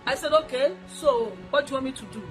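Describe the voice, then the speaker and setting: A woman's voice: high-pitched, quick pace, faint music behind, poor audio. A woman with a Nigerian accent giving an emotional first-person account to the public, emphatic, repeating her points and acting out what others said. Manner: emphatic, repeats lines, acts out quoted speech. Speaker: businesswoman telling her story.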